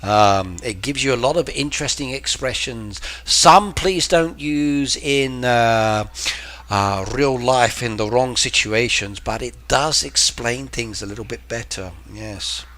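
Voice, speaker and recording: A man with an English accent chats unhurriedly with his live-stream viewers. His voice is bright and forward, and he keeps breaking off to explain words and expressions, as a teacher would. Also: mid-range voice, a little slow. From England. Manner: chatty, explains slang to viewers. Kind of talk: casual live-stream chat.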